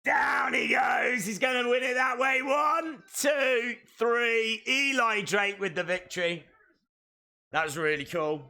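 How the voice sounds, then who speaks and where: A man hosting a live wrestling watch-along, calling the action and breaking into excited shouts. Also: extremely high pitch, slow pace, creaky. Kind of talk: live wrestling reaction commentary.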